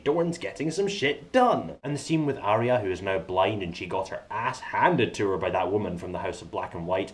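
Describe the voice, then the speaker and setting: Animated man reviewing a TV episode. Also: lowish voice. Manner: enthusiastic, jokey, swings between hushed asides and excited outbursts. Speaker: TV review vlogger. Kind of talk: animated solo review vlog.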